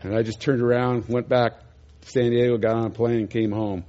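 A male preacher telling a testimony story in his sermon, animated and chuckling, acting out the people he met. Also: mid-range voice, brisk, muffled recording.

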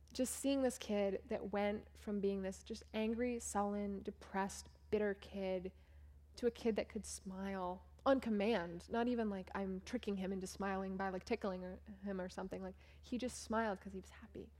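Telling relaxed stories about her students while looking at photos, a young volunteer teacher from the United States speaks with a medium-pitched, warm, steady voice at a moderate pace. Her talk is chatty and full of "like" and "um," and she imitates what others said.

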